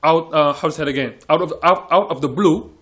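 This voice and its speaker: A man's voice: a little high, fast, a bit bright. A man from Senegal, an English teacher talking earnestly in a panel discussion and often repeating words as he searches for phrasing.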